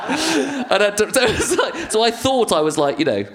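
A man's voice: high voice, sing-song, slow, fairly bright tone. A middle-aged English man, a comedian guest on a live podcast, telling stories in a rambling, self-deprecating way.

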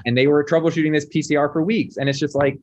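A man's voice: a little high, steady tone, quick pace, highs cut off. A man who is a postdoctoral researcher, explaining lab work in casual conversation in a wry way. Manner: explanatory, wry, many fillers.

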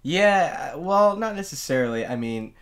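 A wry, relaxed podcast co-host chatting casually at a middle pitch. This voice reads out award nominees with lots of filler "uh"s and dry jokes. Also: unhurried. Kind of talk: casual chat.

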